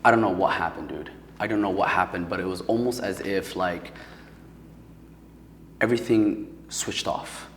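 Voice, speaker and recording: There's a big-room sound and slight background noise as this deep-voiced man from Paterson, New Jersey speaks at a moderate pace. As a podcast guest, he recounts a personal story casually and emotionally, filling it with "like" and "um."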